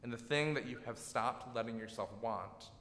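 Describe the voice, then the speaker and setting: A man preaching a sermon in a reflective, gently emphatic way, often checking in with "right?". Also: medium pitch, moderate pace, slight background noise. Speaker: pastor. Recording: echoey hall.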